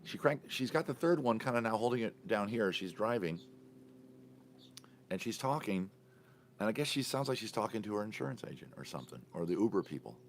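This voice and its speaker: A man's voice: on the low side, sing-song, a little fast, a little hiss or hum. A man hosting his own podcast, telling a casual story in a chatty, rambling way and often correcting himself mid-sentence. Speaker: podcast host.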